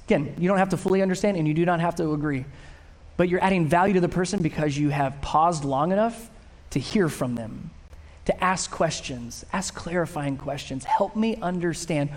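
A high-voiced man preaches with animation. He acts out quoted lines in character and invites his listeners to repeat a phrase with him. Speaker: pastor. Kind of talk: sermon.

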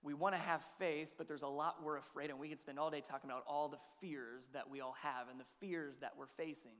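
A man's voice: on the high side, fairly even intonation, brisk, fairly bright tone, big-room sound. A man in his thirties preaching a sermon as pastor, chatty and conversational, often asking his listeners questions. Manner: conversational, asks the audience questions.

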